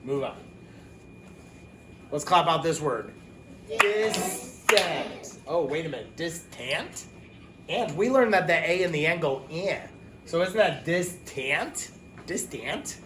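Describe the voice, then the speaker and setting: A man teaching a phonics lesson to young children, talking casually, with quick asides and self-corrections. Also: on the high side, expressive, background noise.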